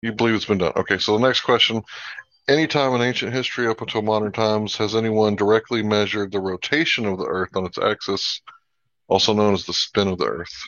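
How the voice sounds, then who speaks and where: A man's voice: fairly low pitch, steady tone, brisk, a bit bright, dry recording. A man hosting a live stream, pressing his guest with pointed debate-style questions. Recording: dull lo-fi dry sound.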